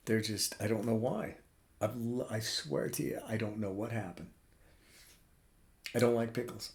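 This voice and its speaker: A man's voice: mid-range voice, gravelly. A middle-aged man chatting casually on a live stream from his home drawing room, rambling and swearing freely. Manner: rambling and profane, lots of fillers. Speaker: cartoonist streamer.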